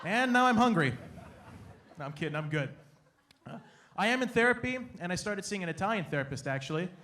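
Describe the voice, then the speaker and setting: A young man from Canada doing an animated, playful stand-up comedy set on a stage, acting out his family in quick bits. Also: high-pitched, noisy background. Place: comedy stage before a live audience.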